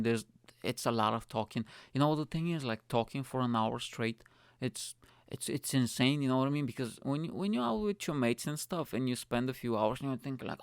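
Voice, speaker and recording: A man's voice: medium pitch, gravelly, smooth, dry recording, studio quality. A young man from Bulgaria, rambling through a casual solo podcast monologue, swearing freely and saying "mate" constantly. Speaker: comedian and podcast host.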